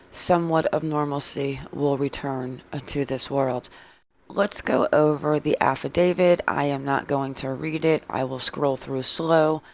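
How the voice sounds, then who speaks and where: Gravelly, blunt true crime vlogger. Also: mid-range voice. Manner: blunt, sarcastic replies; opinionated, chatty. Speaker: true crime channel host. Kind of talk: casual vlog commentary reading viewer comments.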